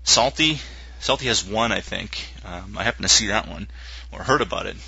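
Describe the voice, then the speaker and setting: Excitable stammering man on a lo-fi podcast. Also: on the low side, normal speed, vocal fry, slightly rough, no echo. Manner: excitable, loud joking, stammering restarts. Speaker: podcast co-host. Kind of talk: casual chat. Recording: dull lo-fi podcast audio.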